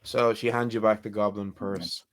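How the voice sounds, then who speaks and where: A man working as game master, narrating a tabletop game gently, with hesitant pauses and fillers. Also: on the low side, flat delivery.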